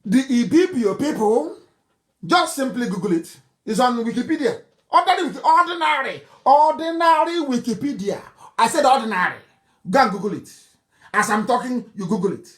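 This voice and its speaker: A man with a Nigerian accent delivers a heated broadcast monologue. His voice swings widely in pitch as he mocks and scolds his critics. He hammers home each point by repeating it. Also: animated, normal speed, a bit bright. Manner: combative and scornful, repeating insults and points for emphasis; breaks into mocking laughter between points. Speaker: political leader giving a broadcast. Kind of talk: fiery political broadcast monologue.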